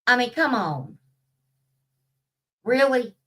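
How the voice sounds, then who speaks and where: Woman vlogger, casual rant, bright and slightly high, swears freely, distant from the mic. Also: big pitch swings, slow. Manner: profane, blunt, rambling.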